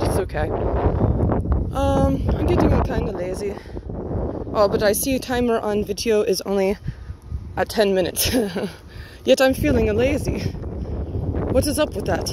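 A woman's voice: medium pitch, very noisy. A woman from the United States rambling and chatting to herself as she walks a residential street for a vlog, laughing often. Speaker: vlogger. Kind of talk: casual walking vlog. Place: outdoors on a residential street, walking.

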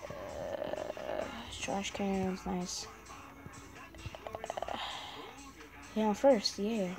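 A woman's voice: medium pitch, huge pitch swings, very slow, gravelly, music in the background, rough recording. A young woman giving casual running commentary on a video game, chatting to viewers and often apologizing to them. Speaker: gaming channel host.

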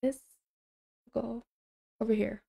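A woman's voice: a little high, fairly even intonation, slow pace, vocal fry, warm tone. A young woman livestreaming, chatting casually with viewers on a headset mic, apologetic and laughing often.

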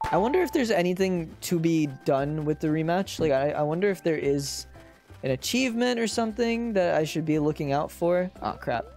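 Excitable streamer with a lively voice. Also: mid-range voice, moderate pace, faint music behind. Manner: excitable, joking, talks to the game. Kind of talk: casual gameplay commentary.

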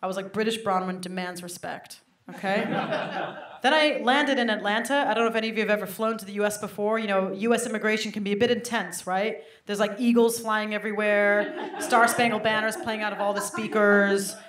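A woman's voice: mid-range voice, brisk. A woman doing a stand-up comedy set, telling self-mocking stories and talking straight to the crowd. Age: 30s. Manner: animated, self-mocking storytelling with frequent asides to the crowd. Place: comedy venue with a live audience. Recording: roomy live venue recording.

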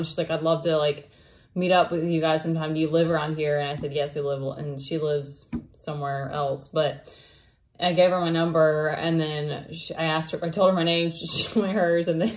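A woman, telling a personal story in a casual vlog, rambling with many fillers and restarts. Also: low voice. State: emotional, near tears at times. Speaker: vlogger.

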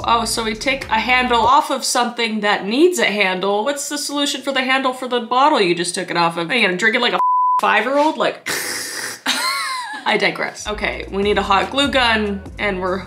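A woman's voice: a little high, expressive, normal speed, sharp tone, soft background music. A young woman hosting a comedy video, mocking what she watches with exasperated, swearing reaction commentary.

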